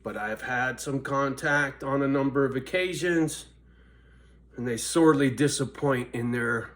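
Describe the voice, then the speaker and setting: A middle-aged man tells a long, rambling story straight to camera, casual and profane. He swears nearly every sentence and breaks into laughter at himself. His voice sits at an ordinary pitch for a man. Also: unhurried, a bit bright. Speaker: vlogger.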